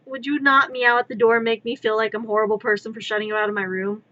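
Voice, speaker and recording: Bright-voiced woman chatting on stream. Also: a little high, flat delivery, fast talker, few pauses, muffled recording. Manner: rambling, playful, talks to her cat. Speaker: crafting streamer and artist. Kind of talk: casual live-stream chatter. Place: her own room.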